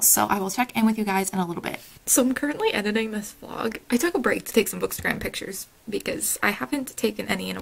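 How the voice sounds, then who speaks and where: A woman's voice: mid-range voice, gravelly, low-quality recording. A woman chatting casually to camera in a book vlog, rambling and laughing often, recorded at home. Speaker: book vlogger.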